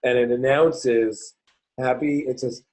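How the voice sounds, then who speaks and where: A man's voice: mid-range voice, fairly even intonation, slow pace, a little mellow, rough recording. A man co-hosts a casual podcast chat with a mid-range voice. He tells stories in a joking, chatty way. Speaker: podcast co-host.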